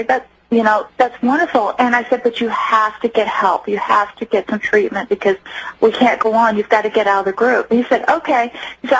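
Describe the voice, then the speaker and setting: A woman giving personal testimony as a radio interview guest, earnest and halting, often restarting her sentences. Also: on the high side, husky, rough recording.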